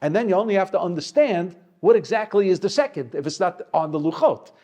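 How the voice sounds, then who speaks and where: A man teaching a Torah class as a rabbi, talking off the cuff with many Hebrew quotes and pauses, slowing down to stress key words. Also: high voice, lively intonation, warm tone. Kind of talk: Torah lecture.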